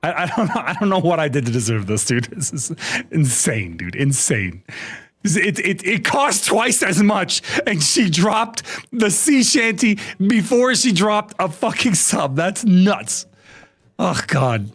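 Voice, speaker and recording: A man's voice: high voice, very animated, a little slow, fairly bright tone, husky. A man live-streaming to his chat in a casual, exasperated way, swearing and laughing a lot. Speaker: VTuber streamer.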